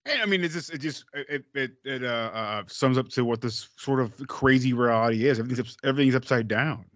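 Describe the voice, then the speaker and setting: A man's voice: medium pitch, brisk, dry recording, highs cut off. A man co-hosting a podcast, animatedly retelling film scenes and acting out quotes. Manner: animated, acts out quotes, laughs often. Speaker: podcast co-host. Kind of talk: casual film discussion.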